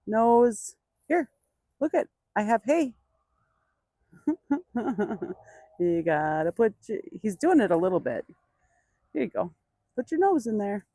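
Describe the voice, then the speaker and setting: A woman in an outdoor pen, explaining each step of a training session to viewers. She sounds dry and close, at a middle pitch. Her voice drops to a gentle, coaxing murmur when she speaks to the animal. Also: very animated, takes it slowly, pauses often, no room sound. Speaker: burro trainer. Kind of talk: hands-on training demonstration.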